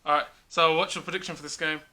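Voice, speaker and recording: A man's voice: on the high side, steady tone, fast talker, sharp tone. A man hosting a casual football prediction chat, leading the talk and questioning his co-host between laughs.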